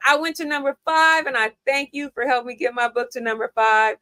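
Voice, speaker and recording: A woman from New York hosting a casual chat show, chatty and quick to laugh. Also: on the high side, lively intonation, pushed and bright, no room sound. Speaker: show host.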